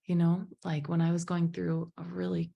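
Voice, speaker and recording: Woman, motivational speaker, low-pitched, gravelly, emotive, animated storytelling, evening presentation. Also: normal speed, muffled recording. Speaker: motivational speaker and business founder. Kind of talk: motivational talk.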